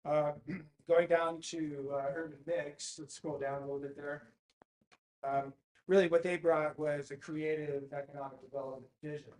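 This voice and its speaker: A man giving a presentation at a city council meeting, speaking in a measured way with frequent fillers and restarts. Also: on the high side, fairly even intonation, a little mellow. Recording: echoey council chamber.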